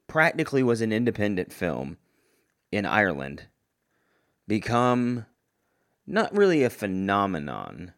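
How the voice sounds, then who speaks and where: A man hosting a solo podcast, talking casually and enthusiastically, often rambling and correcting himself. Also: fairly low pitch. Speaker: podcast host.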